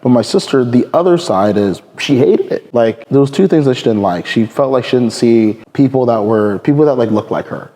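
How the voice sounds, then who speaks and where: A man's voice: medium pitch, animated, a little fast, hardly any pauses, mellow. A man in his thirties from California, telling stories in casual podcast chat, rambling and laughing, with lots of "like" and "dude". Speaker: podcast guest.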